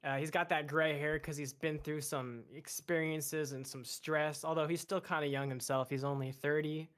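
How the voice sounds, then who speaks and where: A man playing a tabletop game, describing his character in a halting casual way over an online voice chat mic. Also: on the high side, little pitch movement, a bit bright.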